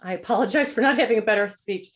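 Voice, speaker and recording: Nervous, halting woman on a call. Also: mid-range voice. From Ohio, USA. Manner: halting, many restarts, near tears. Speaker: guest author. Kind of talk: nervous self-introduction at a virtual event.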